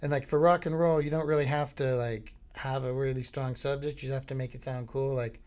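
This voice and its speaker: Florida guy hosting a podcast, rambling deadpan bits, lots of ums, mid-pitch voice. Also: fairly quick. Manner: meandering, deadpan, filler-heavy. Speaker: podcast host. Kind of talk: rambling comic monologue.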